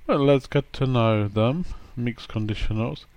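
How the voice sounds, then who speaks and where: Guy teaching grammar, slow and easy, dry close sound, acts out little examples. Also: mid-range voice, darkish tone, no room sound. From England. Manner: chatty, playful, acts out example sentences. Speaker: English teacher. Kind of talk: online grammar lesson.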